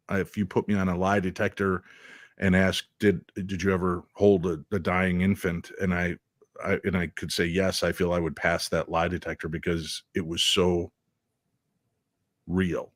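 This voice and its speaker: A man as a radio guest, recounting a personal experience in a halting way with many fillers. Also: sits low, little pitch movement, dry recording, clean studio sound. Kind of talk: radio interview storytelling.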